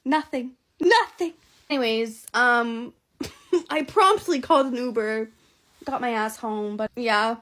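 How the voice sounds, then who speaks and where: Young woman, casual storytime, blunt, wry, high voice. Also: measured pace, fairly bright tone, slight background noise.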